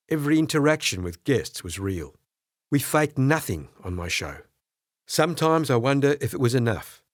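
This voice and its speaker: A man narrating an audiobook in the first person, expressive and storytelling. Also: mid-range voice, dry recording, clean studio sound. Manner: expressive storytelling with character voices.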